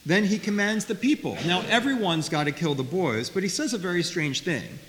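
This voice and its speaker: A man teaching a Bible study class, talking in a lively way, often repeating words and asking his listeners questions. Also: sits high, a little fast. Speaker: Torah teacher. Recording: faint hiss, long reverb.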